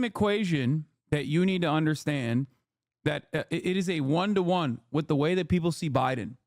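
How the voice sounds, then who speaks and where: A man streaming from his living room, giving political commentary in an animated, exasperated rant with blunt slang. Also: a little high, normal speed, gravelly, no echo, studio quality. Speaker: Twitch streamer.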